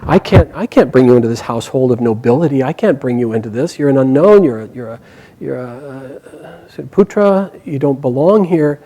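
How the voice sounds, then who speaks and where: A man's voice: mid-range voice, expressive, normal speed, dark tone, low-quality recording. A man telling a story voices a stern older master teacher who firmly turns someone away. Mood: dismissive. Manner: firm, dismissive.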